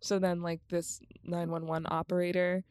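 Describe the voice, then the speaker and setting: A woman's voice: fairly low pitch, level tone, normal speed, darkish tone, no room sound, clean studio sound. A woman co-hosting a podcast, recapping films in a rambling, casual chat, laughing often and swearing freely. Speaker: podcast co-host.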